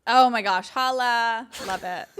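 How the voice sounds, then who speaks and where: Lively giggly woman telling stories. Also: on the high side, normal speed. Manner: giggly, animated, quotes others in voices. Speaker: guest. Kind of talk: casual interview storytelling.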